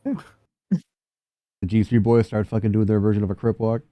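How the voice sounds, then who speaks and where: A man's voice: fairly low pitch, level tone, normal speed, mellow, no room sound. A man running a tabletop game, laughing often and voicing slangy street characters in loose, profane chat. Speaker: game master.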